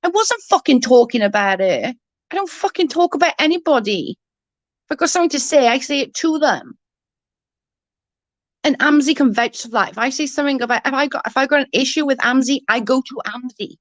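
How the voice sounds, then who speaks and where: A woman's voice: sits high, lively intonation, brisk, no echo. A young adult woman ranting heatedly in casual chat, swearing often and restarting her sentences. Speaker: livestream guest.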